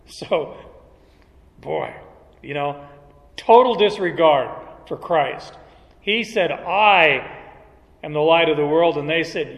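A man preaching a verse-by-verse sermon at a deliberate, unhurried pace, his voice sitting a little higher than most men's. He leans hard on key words to drive each point home, and his voice trails off into a long reverb, as in a church hall. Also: lively intonation. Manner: slow, emphatic, teaching tone with verse references. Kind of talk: expository sermon.

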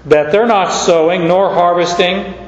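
A man's voice: high voice, steady tone, measured pace. Man preaching in an echoey hall. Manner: folksy, with homey asides and frequent restarts. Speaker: pastor. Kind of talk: conversational sermon. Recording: echoey hall, slightly dull sound.

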